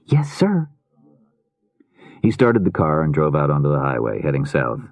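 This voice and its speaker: A man reading a mystery novel aloud in a measured, steady narration. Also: very deep voice, no room sound. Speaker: audiobook narrator. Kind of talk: scripted narration.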